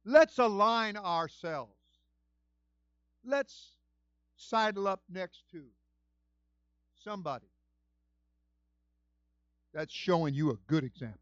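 A man preaching as senior pastor, animated, building to shouts. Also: high voice, takes it slowly, long pauses, no echo. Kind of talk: sermon. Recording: dull lo-fi dry recording.

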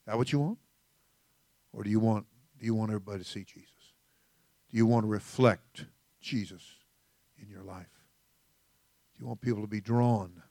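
A man's voice: fairly low pitch, a little mellow, no echo. An older man preaching as senior pastor, a folksy, rambling sermon full of storytelling asides. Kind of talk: conversational sermon.

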